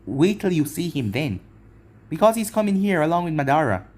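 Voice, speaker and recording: A man voicing a vengeful young ninja who taunts slowly and coldly, in a fan-made anime story reading. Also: a little high, very animated, darkish tone. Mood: taunting. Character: vengeful young man Naruto, cold and mocking.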